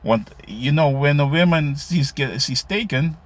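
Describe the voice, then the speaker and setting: A man's voice: a little high, a little slow. A man giving casual scripture commentary, reading verses aloud and tagging lines with "you see" and "man". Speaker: religious commentator.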